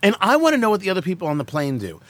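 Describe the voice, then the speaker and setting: This man hosts a talk show and trades casual banter with his co-hosts, ranting and cracking sarcastic jokes. His high-pitched voice is animated and full of quick asides, recorded with no room sound.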